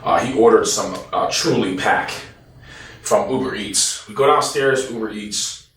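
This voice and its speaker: A former team member, interviewed, bluntly retells a story with frequent swearing, acting out other people's lines in their voices. His voice is on the low side and measured in pace. The recording sounds roomy and echoey, with him far from the mic.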